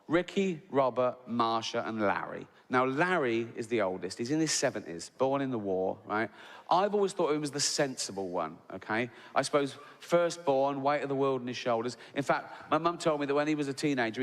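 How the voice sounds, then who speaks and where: An English man in his sixties doing stand-up storytelling, tagging lines with "right?" and laughing through his own jokes. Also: medium pitch. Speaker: stand-up comedian. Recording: long hall reverb.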